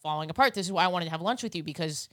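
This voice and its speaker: A woman hosting a casual comedy podcast, quick and brash in her joking banter, with loud bursts of laughter. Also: lowish voice, dry recording, studio quality. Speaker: podcast host.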